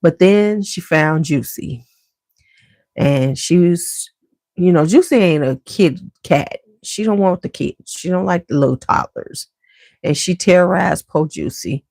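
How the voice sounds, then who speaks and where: Gravelly middle-aged woman telling a home story. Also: sits low, lively intonation, a little slow, darkish tone, no echo. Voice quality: gravelly, chatty and conversational. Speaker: vlogger. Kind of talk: casual storytelling to viewers. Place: home basement.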